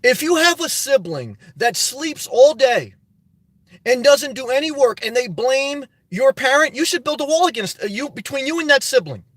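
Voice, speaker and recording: A man with a notably high voice talks to his livestream audience in a motivational, preachy style. He hammers his points home by repeating them and addressing listeners directly. The sound is close and dry. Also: expressive, normal speed, a bit bright, no room sound. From New Jersey. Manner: preachy, emphatic, repetitive exhortation. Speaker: livestream host.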